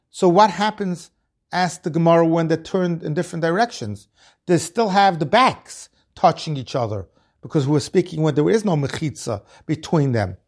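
Man, Talmud lecture, slightly high voice, reads phrase then explains. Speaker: Talmud teacher. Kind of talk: Talmud lecture, translating line by line.

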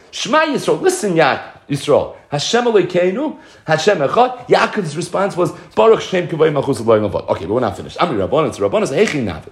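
A man teaching a Talmud lesson, quoting Hebrew and Aramaic phrases, translating them into English and asking rhetorical questions. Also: on the high side. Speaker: Torah teacher.

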